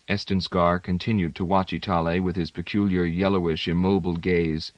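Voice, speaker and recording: A man reads literary fiction aloud in a measured, steady way. His voice sits on the low side. The recording is dry, with no room sound. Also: dry recording, dull audio. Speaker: audiobook narrator. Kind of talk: scripted narration.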